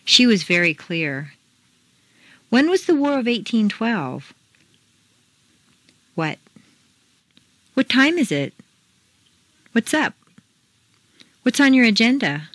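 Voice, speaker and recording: A woman teaching pronunciation, reading scripted drills slowly and deliberately, with exaggerated intonation. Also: on the high side, very animated, fairly bright tone, no echo. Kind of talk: scripted accent-training lesson.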